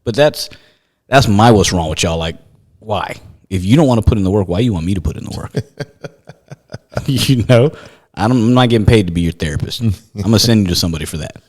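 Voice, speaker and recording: A man's voice: on the low side, lively intonation, brisk, a little mellow, in a large hall. A man co-hosting a podcast, chatting casually and telling a story with quoted dialogue, laughing often. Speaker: podcast co-host. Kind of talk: casual chat.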